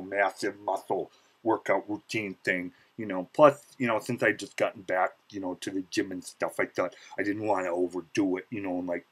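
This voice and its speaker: A man telling a comic story as a vlogger, boastful and theatrical, his pitch jumping sharply when he gets excited. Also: husky, low-quality recording. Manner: boastful, self-mocking, many "you know" fillers.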